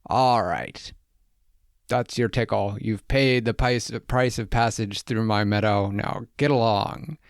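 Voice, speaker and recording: A man's voice: on the low side, slow, clean tone, no echo, clean studio sound. A man voicing a playful, stubborn male wolf who tickles trespassers, in a matter-of-fact storybook manner.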